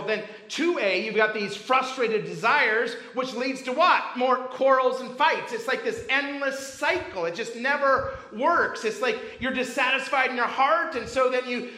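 A man's voice: extremely high pitch, sharp tone, echoey room, rough recording. A man preaching a sermon to a congregation, talking casually and telling stories from camp. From grew up Baptist. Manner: conversational preaching with anecdotes. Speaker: pastor.

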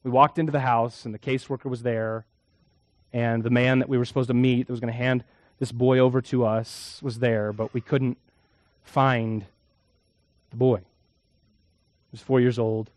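A man preaching a sermon as a pastor, telling a story and shifting from hushed, quiet moments to loud, emphatic ones. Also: medium pitch, level tone, normal speed, pauses often, no room sound.

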